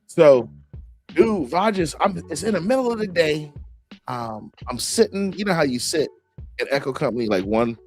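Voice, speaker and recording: A middle-aged man hosts a podcast and tells stories in an easy, casual way, acting out the quotes with sudden shouts. His pitch swings up and down a lot, and faint music plays behind him. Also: moderate pace. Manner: animated, acts out quotes with shouts. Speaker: podcast host. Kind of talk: casual storytelling chat.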